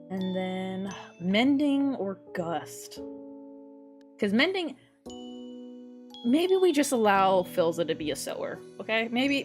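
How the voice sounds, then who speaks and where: Young woman, casual livestream chatter, giggly, chatty, soft music in the background. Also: mid-range voice. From raised in an English-speaking country by a Korean mother. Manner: giggly, chatty, often laughs mid-sentence.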